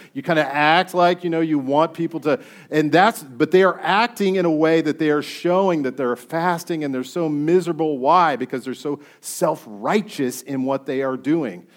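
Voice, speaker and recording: A man's voice: fairly high pitch, normal speed. A man preaching a sermon. He reads scripture aloud and puts questions to his listeners in a conversational way.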